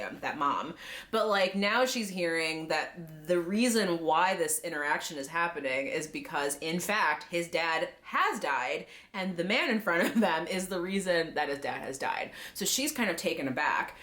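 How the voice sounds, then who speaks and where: A woman's voice: deep voice, fairly bright tone. A woman vlogger recapping a drama episode in a casual, chatty way, often saying "like" and briefly acting out lines in quoted voices.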